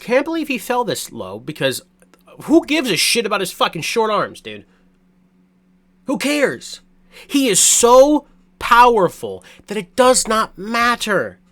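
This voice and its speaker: A man giving a blunt, profane, rambling reaction to a sports draft as a fan, full of restarts and fillers. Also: sits high. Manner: excitable, swears a lot, blunt opinions. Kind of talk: casual sports reaction rant.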